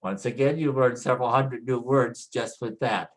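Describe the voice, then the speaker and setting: A man teaching Spanish pronunciation from slides, slowly repeating each word so learners can follow. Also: mid-range voice, rough recording. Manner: slow, deliberate, repeats words for practice. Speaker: Spanish instructor. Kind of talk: slide-based pronunciation lesson.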